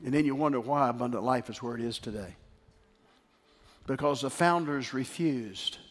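A man's voice: mid-range voice, moderate pace. Emphatic male pastor in a reverberant church. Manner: emphatic preaching that drops to a quiet, tender storytelling tone. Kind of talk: sermon. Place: church sanctuary. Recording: hall reverb with faint music.

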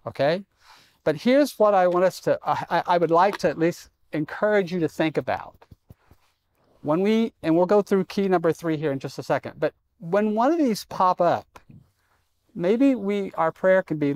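A man's voice: sits high, expressive, moderate pace, darkish tone. A middle-aged man preaching a sermon in a church, conversational and self-deprecating with humor. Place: church sanctuary.

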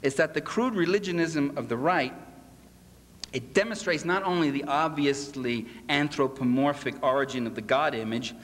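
A man's voice: on the high side, moderate pace, fairly bright tone. A man giving a sarcastic, mocking public lecture to a convention audience in a hall. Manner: sarcastic, mocking delivery with acted quotes. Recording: echoey hall with faint ambience.

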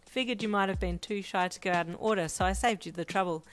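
A woman voicing a smooth, friendly young hero. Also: mid-range voice, fast talker, soft background music, lightly acted.

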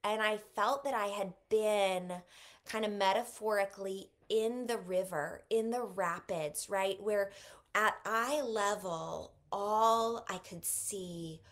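A woman in her thirties, an author talking as a guest on an interview podcast, who retells a personal story vividly, going soft and slow at the moving parts. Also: mid-range voice. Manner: vivid retelling, speaks softly and slows at moving moments.

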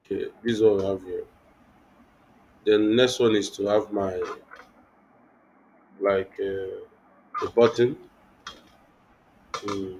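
A man's voice: fairly low pitch, steady tone, slow, pauses often, darkish tone, slight background noise, poor audio. A young man teaching web design in a live online class, thinking aloud with many restarts and fillers. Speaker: web development instructor.

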